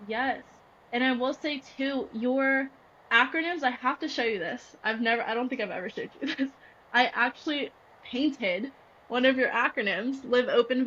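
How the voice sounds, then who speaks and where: A woman hosting a podcast, enthusiastic and affirming, with a high voice. Her remote audio sounds dull, with faint noise underneath. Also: fairly bright tone. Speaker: podcast host. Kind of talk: casual chat.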